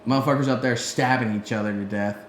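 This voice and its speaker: A man co-hosting a podcast, telling stories in a casual, profane, animated way. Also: mid-range voice, fast talker, reverberant, a little hiss or hum. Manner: profane, animated storyteller, heavy swearing. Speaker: podcast co-host. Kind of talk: casual storytelling chat.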